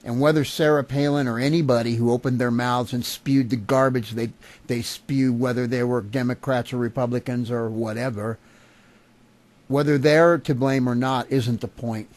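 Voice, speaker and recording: A man's voice: mid-range voice, steady tone, moderate pace, darkish tone. A man delivering an angry, profane political rant to camera, agitated and furious. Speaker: vlogger.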